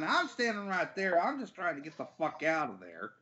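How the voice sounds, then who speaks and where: A man tells a story on a podcast at an easy pace and swears freely throughout. His pitch moves around a lot. The audio sounds slightly dull. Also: very animated, measured pace, sharp tone, slight background noise. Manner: profane, laid-back anecdote teller. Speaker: podcast guest. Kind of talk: casual storytelling.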